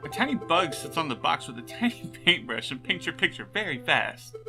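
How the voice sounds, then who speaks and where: A naive, chirpy young noblewoman cat from a game, sweet and innocent, her voice high and lilting with lively swings. A man acts her out. Game music plays underneath. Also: fairly quick, gravelly, low-quality recording. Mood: chatty.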